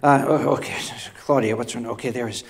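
A man's voice: mid-range voice, steady tone, fast talker, gravelly. An older man telling a self-deprecating comic story on stage, stammering and repeating words as he goes. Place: convention stage before a live audience.

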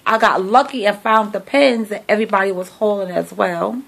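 Gravelly-voiced chatty woman vlogger. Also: mid-range voice, normal speed, a bit bright. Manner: chatty, sassy, talks to viewers like friends. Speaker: vlogger showing a shopping haul. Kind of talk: casual chat to camera. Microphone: phone camera.

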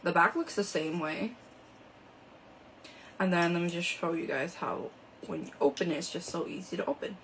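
A woman's voice: lowish voice, normal speed, pauses often, a bit bright, slight background noise, poor audio. A woman hosting a live shopping stream, chatting casually and showing products with lots of fillers, indoors under a ring light.

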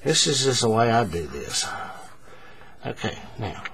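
A man calmly demonstrates paracord crafting one step at a time, narrating as he goes with frequent fillers and repeats. The voice is medium-pitched and a touch slow, with faint background noise.

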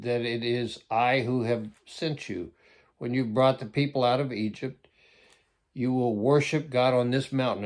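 A man's voice: medium pitch, darkish tone. Plainspoken older man preaching. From Arizona, USA. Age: 70s. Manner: conversational, plainspoken, stresses key phrases. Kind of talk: sermon, Bible teaching.

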